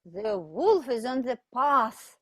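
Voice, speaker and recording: A woman teacher reading a picture book aloud to children, expressive and pointing things out. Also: on the high side, slow pace, no room sound. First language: Russian.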